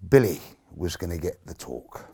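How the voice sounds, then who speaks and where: A man's voice: deep voice, big pitch swings, normal speed, dark tone, breathy edge. A man, a blind army veteran, telling his own story in earnest, emotional terms and acting out the dialogue he remembers. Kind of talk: personal storytelling talk.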